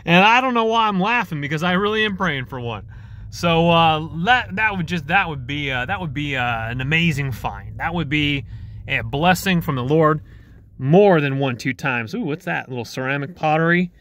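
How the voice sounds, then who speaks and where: A man vlogging outdoors while dumpster diving, chatty and excitable, thinking aloud to the camera. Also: on the high side, moderate pace, slight background noise. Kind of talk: casual vlog narration while dumpster diving. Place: outdoors by apartment complex dumpsters.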